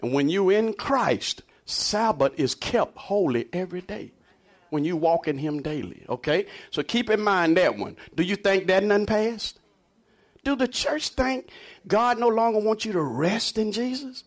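A man preaching a sermon, swinging from low murmurs to high shouts and joking with the congregation. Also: expressive, measured pace. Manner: jokes and laughs with the congregation. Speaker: pastor.

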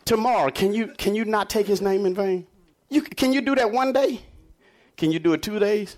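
A man preaching a sermon, swinging from low murmurs to high shouts and joking with the congregation. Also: moderate pace. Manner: jokes and laughs with the congregation. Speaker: pastor.

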